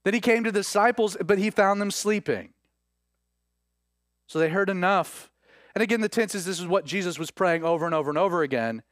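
Man, sermon, high voice, dry close sound, vivid storytelling. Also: a little fast, fairly bright tone, no echo. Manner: storytelling, acts out quoted speech with restarts. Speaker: pastor.

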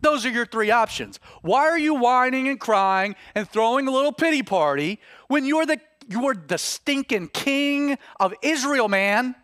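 A man's voice: extremely high pitch, expressive, unhurried, few pauses, fairly bright tone, smooth, dry recording, voice pushed up, full character voice. A man voicing a bossy, scornful foreign queen who mocks her husband and gives orders. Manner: mocking, impatient, commanding.

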